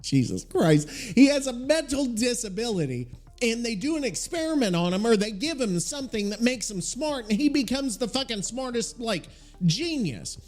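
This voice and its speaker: A man's voice: extremely high pitch, very animated, normal speed, a little mellow, soft background music. A man hosting a casual podcast alone, rambling and swearing freely as he thinks aloud and looks things up. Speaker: podcast host. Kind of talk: casual solo podcast chat.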